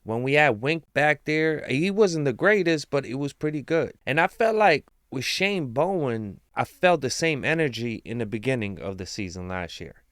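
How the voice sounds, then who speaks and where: A man giving casual, excited fan commentary with slang, rambling about his team. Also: mid-range voice, moderate pace, hardly any pauses, no room sound, clean studio sound. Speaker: sports commentator.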